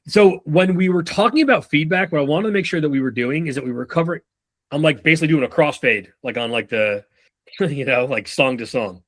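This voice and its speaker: Animated, profane male sales trainer. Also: on the high side, a little fast, no echo. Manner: animated, profane, acts out examples. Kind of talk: casual training session talk.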